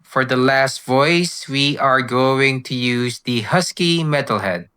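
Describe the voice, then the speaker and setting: A man hosting a tech tutorial, calmly walking through software setup step by step. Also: mid-range voice, slow, smooth. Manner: relaxed, step-by-step explaining. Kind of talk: screen-recorded software walkthrough.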